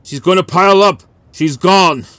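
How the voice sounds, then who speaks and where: A man voicing a young, excitable male lighthouse keeper who cries out in shrill, frightened bursts. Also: slow, no echo, exaggerated voice. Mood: anguished.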